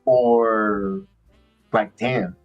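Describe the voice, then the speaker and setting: A man's voice: lowish voice, steady tone, dull audio, soft background music. A man hosting a live watch-along, chatting casually and rambling with frequent restarts and fillers. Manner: rambling, halting, many restarts. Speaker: podcast host.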